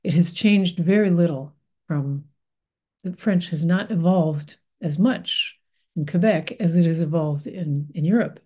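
A woman's voice: on the low side, measured pace, mellow, breathy edge. An American woman, middle-aged, giving a reflective spiritual talk in a thoughtful, meandering way with many fillers and restarts. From United States.

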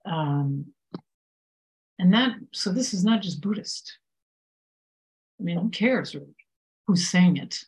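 A woman giving a reflective spiritual talk, unhurried and full of pauses and fillers. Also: fairly low pitch, animated, darkish tone, low-quality recording. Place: Paris.

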